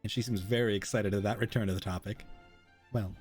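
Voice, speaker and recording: A man running a tabletop role-playing game as game master, thinking aloud in a relaxed way as he plays. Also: fairly low pitch, a little fast, soft background music. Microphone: streaming microphone.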